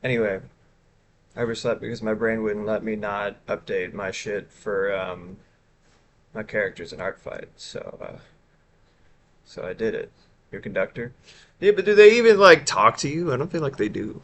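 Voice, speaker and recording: A man's voice: fairly low pitch, moderate pace, pauses often, a little hiss or hum. A man streaming live, chatting casually and rambling with chat while showing his art. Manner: rambling, chatty, self-interrupting.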